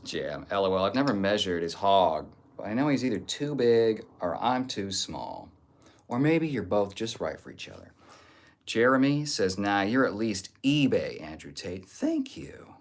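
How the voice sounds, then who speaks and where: A man's voice: fairly low pitch, sing-song, moderate pace. A man streaming live, reading viewer comments aloud and answering with crude, jokey banter. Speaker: livestreamer reading chat. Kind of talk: casual livestream chat.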